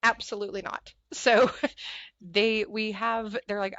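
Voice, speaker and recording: A woman's voice: medium pitch, a little slow, dry recording, highs cut off. A woman speaking as a podcast guest, telling stories animatedly and acting out the voices of other people. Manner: animated storyteller acting out quoted dialogue. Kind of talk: conversational interview.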